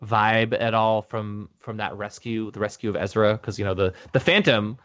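Rambling low-voiced man on lo-fi audio. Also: normal speed, a bit bright. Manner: rambling with frequent restarts. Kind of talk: casual discussion. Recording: dull lo-fi audio.

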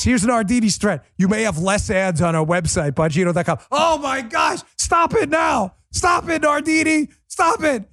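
A man hosts a political commentary show with a mocking, emphatic edge, his pitch sitting higher than most men's. The sound is dry and close, with no room around the voice. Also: dry recording. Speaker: podcast host.

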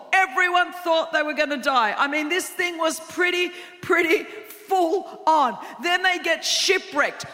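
Woman, preacher, high-pitched, bright, humorous sermon, long hall reverb. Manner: humorous, animated storytelling with asides.

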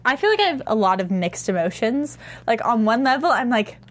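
A woman on a TV recap panel, talking in an animated rush and filling her sentences with "like". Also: a little high. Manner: animated, talks fast with many "like"s. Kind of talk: casual TV recap chat.

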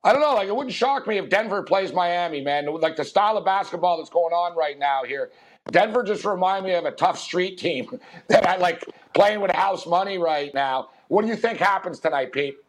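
A man's voice: high voice, animated, normal speed. A man hosting a sports betting podcast, talking loosely with lots of fillers and restarts. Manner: loose rambling, filler-heavy. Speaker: podcast host. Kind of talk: casual sports betting chat.

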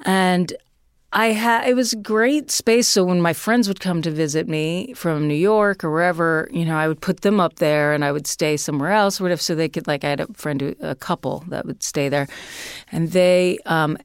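A woman's voice: low-pitched, clear, resonant tone, no room sound, studio quality. A woman guest casually telling a personal story, chatty and full of "like" and "you know".

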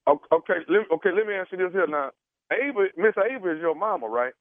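Man, radio prank caller, rambling, apologetic, slightly high voice, dry tinny phone sound. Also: animated, fast talker, no echo.

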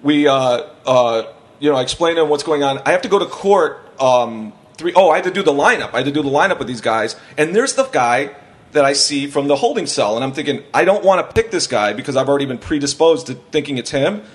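A man's voice: on the high side, expressive, fast talker. A man who is a stand-up comedian tells a long anecdote in casual podcast chat, rambling, swearing and laughing as he goes. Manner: rambling, profane, laughs through the story.

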